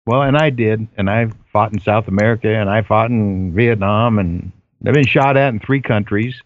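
Older male guest, earnest storyteller, low-ish dry voice, muffled audio. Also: moderate pace, slight background noise. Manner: earnest storytelling, hesitant fillers. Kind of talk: casual chat.

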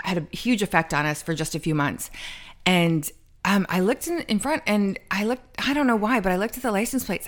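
A woman's voice: lowish voice, a bit bright. A middle-aged woman co-hosting a podcast, telling a personal story in casual chat, with many ums and restarts. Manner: chatty, many ums and restarts, quotes herself. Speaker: podcast co-host.

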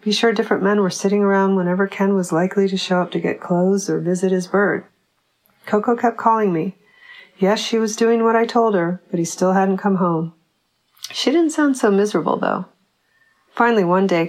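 A woman reading a literary short story aloud in a dry, measured storytelling way. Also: mid-range voice, gravelly, darkish tone, poor audio. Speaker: audiobook reader.

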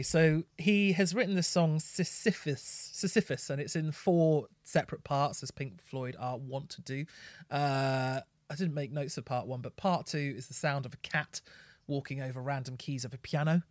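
A man's voice: mid-range voice, moderate pace, no room sound, clean studio sound. A man, co-hosting an album review podcast in casual chat, blunt and scathing.

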